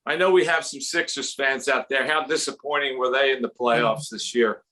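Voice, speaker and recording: A man with a Philadelphia accent doing a rambling, jokey comedy set at a fundraiser and dropping into quick impressions. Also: medium pitch, fairly even intonation, pushed and bright.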